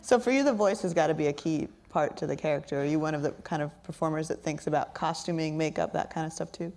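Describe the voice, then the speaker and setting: Woman interviewer, lower register, friendly and conversational onstage questions. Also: fast, a little mellow. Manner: chatty, laughs often, asks questions. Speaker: interviewer, culture reporter.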